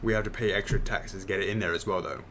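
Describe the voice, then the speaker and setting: Relaxed man reading fan questions. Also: low-pitched, fast talker, slight background noise. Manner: reads viewer questions aloud, then answers offhand. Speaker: host answering fan questions. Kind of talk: casual livestream Q&A.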